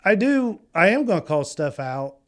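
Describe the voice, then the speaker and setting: A man co-hosting a casual podcast chat, speaking with a slightly higher pitch than most men. He is blunt and teasing and often breaks off to restart his sentences. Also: very animated, moderate pace, a bit bright. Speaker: podcast co-host.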